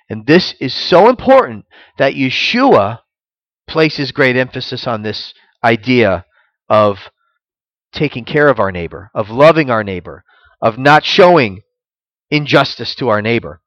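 A man's voice: medium pitch, lively intonation, measured pace, no room sound, highs cut off. Earnest man preaching, dry close sound. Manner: earnest teaching, rising with emphasis, reads scripture aloud. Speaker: pastor. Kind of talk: sermon.

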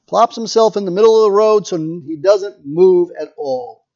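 Preacher, male, high voice, chatty storytelling sermon, muffled lo-fi recording. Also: normal speed, a little mellow. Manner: storytelling, conversational asides.

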